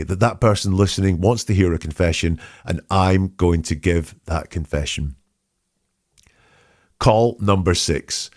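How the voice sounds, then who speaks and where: A man hosting a podcast, analysing statements in a measured, questioning way and reading quotes aloud. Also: deep voice, darkish tone, dry recording, clean studio sound. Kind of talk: analytical commentary.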